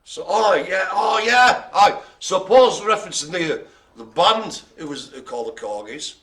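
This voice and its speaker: A man's voice: sits high, animated, unhurried, fairly bright tone. A man hosting a live online bingo game, jokey and teasing as he rambles through dog trivia. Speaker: bingo host.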